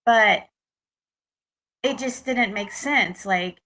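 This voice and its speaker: A young American woman vlogs a meandering dating story to camera, restarting often and venting her frustration. Her voice is medium in pitch and a little bright, and she stretches her words out.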